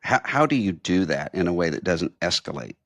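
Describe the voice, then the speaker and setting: A very deep, gravelly male host asks questions in a thoughtful, halting way, often repeating words. The sound is dry and close to the mic, with no room echo. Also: very animated. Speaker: podcast host. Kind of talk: podcast interview, asking questions.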